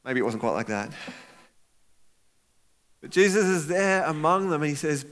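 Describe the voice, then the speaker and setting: A man preaching a sermon as pastor, animated and acting out voices of people in the story. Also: on the high side, normal speed, pauses often.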